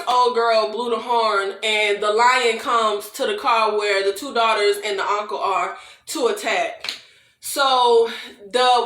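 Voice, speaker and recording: A woman recapping a movie in a lively, chatty way, talking straight to her viewers and laughing often. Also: fairly high pitch, roomy sound. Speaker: movie reviewer.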